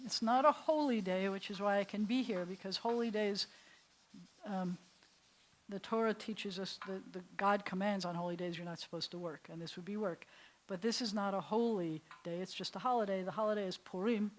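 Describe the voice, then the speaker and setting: A woman's voice: medium pitch, moderate pace, a little hiss or hum. An older woman rabbi with a New York accent, teaching a Hebrew class in a chatty, digressive way, laughing easily. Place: synagogue classroom.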